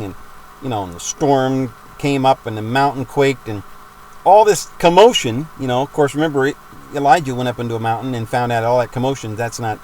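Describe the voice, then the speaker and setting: A man's voice: mid-range voice, darkish tone, slight background noise, poor audio. A man giving a rambling, emphatic religious monologue for his videos, with frequent restarts. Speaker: video maker.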